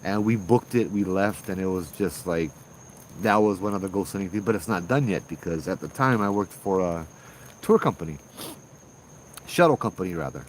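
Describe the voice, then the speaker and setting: A man with a Hawaii local accent telling a ghost story casually, animated, acting out the voices of people in it. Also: sits low, normal speed, a little hiss or hum, low-quality recording. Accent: Hawaii local English. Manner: animated, acts out voices in dialogue. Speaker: ghost tour guide and storyteller.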